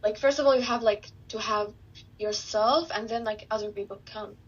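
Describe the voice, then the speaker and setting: A teenage girl speaking as a podcast guest, earnest and soft-spoken, hesitating with "like" fillers. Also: medium pitch, moderate pace, husky, highs cut off. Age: teens. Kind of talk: casual podcast interview.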